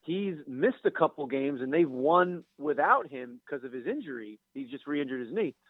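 A man, co-hosting a casual sports podcast in an animated, enthusiastic way. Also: mid-range voice, normal speed, dry recording, phone-quality sound. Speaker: podcast co-host.

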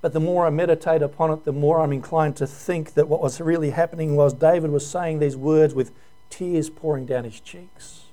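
High-voiced pastor preaching earnestly. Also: male voice, steady tone, a little fast, warm tone. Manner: earnest, emotional preaching with many rhetorical questions. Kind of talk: sermon.

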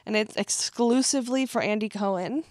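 A woman's voice: a little high, normal speed, a little mellow, dry recording, studio quality. A young woman co-hosting a casual podcast, chatty, giggly and opinionated, and fighting off a cold. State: has a cold. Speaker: podcast co-host. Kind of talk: casual chat.

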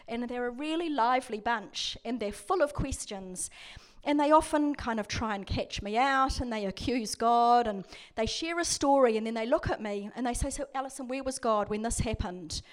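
A woman's voice: a little high, moderate pace, clean tone. A woman, preaching a sermon as a prison chaplain in a conversational, storytelling way. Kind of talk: sermon with scripture reading.

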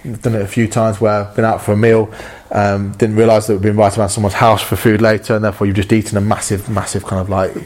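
A man's voice: fairly low pitch, little pitch movement, fast, few pauses, a little mellow. A man giving a sermon, talking earnestly and conversationally with frequent stammered repeats. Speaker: preacher.

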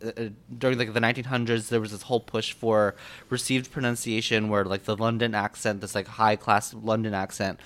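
A man's voice: lowish voice, little pitch movement, brisk, a bit bright. A man in casual chat, hesitant and apologetic as he goes off on a tangent.

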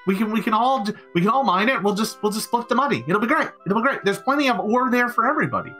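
A man voicing a small, boastful goblin king who stammers and rushes through his deals. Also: high voice, animated, pushed and bright, soft background music, pitched above the performer's own voice. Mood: cheery. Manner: bluster, stammering and quick with talk of easy deals.

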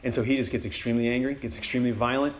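A man speaking at a retreat, telling Bible stories in a casual, animated way with slangy asides. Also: mid-range voice, racing, slight background noise. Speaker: campus ministry speaker. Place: retreat meeting room. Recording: echoey room with faint ambience.

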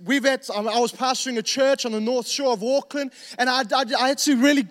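High-voiced New pastor preaching. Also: male voice, steady tone, brisk, fairly bright tone, big-room sound. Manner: conversational preaching with joking asides and restarts. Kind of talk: sermon.

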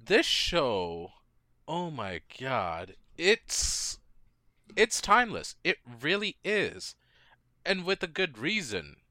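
A man's voice: mid-range voice, sing-song, slow pace, sharp tone, no room sound, studio quality. A man co-hosting a casual podcast chat, giving blunt, emphatic opinions. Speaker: podcast co-host.

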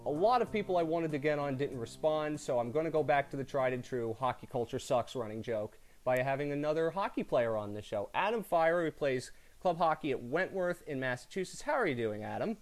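A man's voice: on the high side, animated, brisk, hardly any pauses, faint music behind. A man hosting a podcast, chatting casually with a guest in a dry, teasing way. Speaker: podcast host. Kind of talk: casual interview chat.

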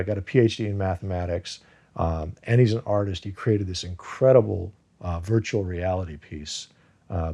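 Gravelly, husky-voiced rambling man. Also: lowish voice, warm tone. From United States. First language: Farsi. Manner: rambling, many restarts and fillers. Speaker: actor, interview guest. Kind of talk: casual interview talk.

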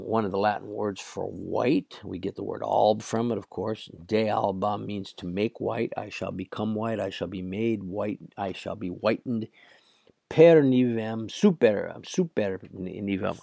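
A hoarse man gives a slow Latin lesson in a low, gravelly voice. He works through each phrase bit by bit, pausing often on fillers. The sound is dry and close. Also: steady tone, a little mellow, dry recording. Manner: halting, many "uh" fillers, translating line by line. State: hoarse, cracking voice. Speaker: Latin teacher.

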